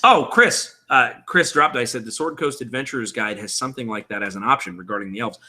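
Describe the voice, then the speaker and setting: A man's voice: medium pitch, animated, fairly quick, sharp tone. A man in his thirties hosting a live-streamed tutorial, casually explaining tabletop game rules and answering chat.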